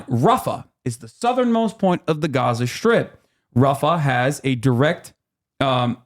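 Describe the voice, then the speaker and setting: A man in his thirties hosting a livestream, explaining at length in a heated, profane way, full of fillers and restarts. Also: mid-range voice. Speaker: streamer host.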